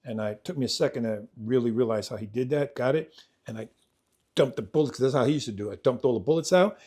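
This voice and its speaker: On a podcast, a man recounts his own life, talking fast and veering from loud, lively bursts to quiet, low stretches. He repeats himself a lot, and his vivid retelling acts out the voices of his family members in a conversational, personal way.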